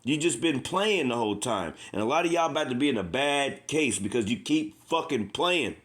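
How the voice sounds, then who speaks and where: A man's voice: medium pitch, lively intonation, normal speed, a bit bright. A man preaching informally and with passion, repeating himself, reading scripture aloud between his own words. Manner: impassioned, repetitive, says "man" often. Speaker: street preacher.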